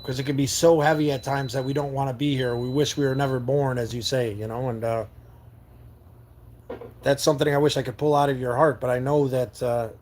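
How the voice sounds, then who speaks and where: A man's voice: mid-range voice, fairly even intonation, brisk, darkish tone, slight background noise. A man from New York State hosting a live stream from a camper van and answering viewer comments in an earnest, heartfelt way, often repeating words as he searches for them.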